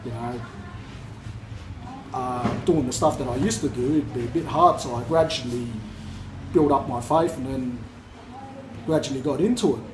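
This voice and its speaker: A man's voice: medium pitch, moderate pace, long pauses. An Australian man casually telling a personal story and acting out the voices of the people in it. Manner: animated retelling, acts out quoted voices. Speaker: guest telling his conversion story. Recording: echoey room, mic far off, noisy.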